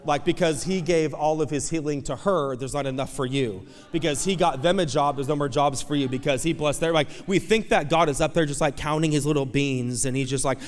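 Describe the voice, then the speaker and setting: A male pastor preaching a sermon with animated storytelling, acting out voices and swinging between soft asides and loud shouts. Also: fairly high pitch, a little fast, few pauses, long reverb tail. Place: church auditorium.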